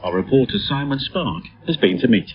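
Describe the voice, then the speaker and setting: Husky male radio news presenter. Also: medium pitch, expressive, moderate pace. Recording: muffled shortwave radio broadcast.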